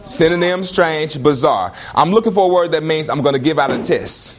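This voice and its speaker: A male teacher leading a classroom lesson, firing questions at students in lively call-and-response. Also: a little high, moderate pace.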